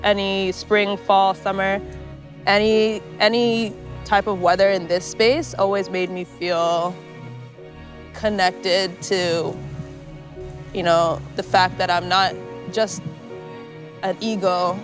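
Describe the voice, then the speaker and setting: A person speaking calmly and thoughtfully in a documentary interview about time spent in nature. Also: medium pitch, takes it slowly, pauses often. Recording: music playing underneath.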